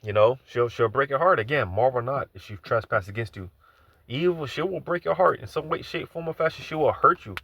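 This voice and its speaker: A man's voice: medium pitch, fairly quick, creaky, a bit bright, dull audio. A man giving an informal live sermon, loose and conversational, repeating phrases and filling gaps with asides. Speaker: preacher.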